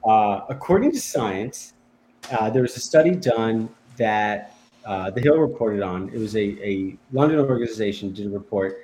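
A man's voice: mid-range voice, darkish tone, low-quality recording. A man in a medium voice, a radio guest telling a light news story. He talks with a playful tone and laughs often, with a faint hiss behind him. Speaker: guest editor. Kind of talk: casual radio chat.

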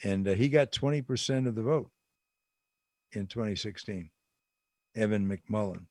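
A man's voice: on the low side, moderate pace, darkish tone, dry recording. Man giving dry political commentary. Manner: conversational, repeats phrases for emphasis.

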